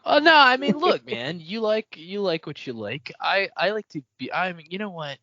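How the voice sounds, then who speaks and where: A man's voice: high-pitched, big pitch swings, normal speed, heavy background noise. A man co-hosting a casual book podcast, talking candidly and with self-deprecation. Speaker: podcast co-host. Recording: dry, muffled lo-fi podcast audio.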